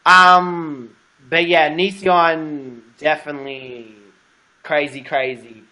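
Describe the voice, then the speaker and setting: A man's voice: on the high side, flat delivery, slow, sharp tone. A young adult man hosting a casual livestream chat, gossipy and giggly with a camp manner. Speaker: host.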